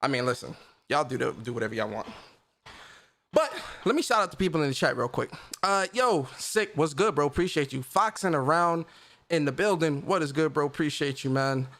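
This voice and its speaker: A man's voice: on the high side, expressive, fairly quick, fairly bright tone. A male livestream host chatting casually in slangy talk, laughing often.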